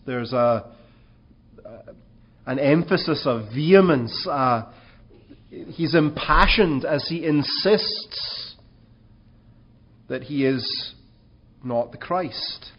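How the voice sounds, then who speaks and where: A man's voice: fairly high pitch, slightly rough, dull audio. A man preaching a sermon in an earnest way, asking rhetorical questions and rising in emphasis.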